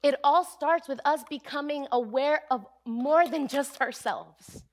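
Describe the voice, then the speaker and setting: Woman preaching an earnest, emphatic sermon. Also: high-pitched. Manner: earnest, emphatic, slowing down to stress key phrases. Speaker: pastor. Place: church sanctuary.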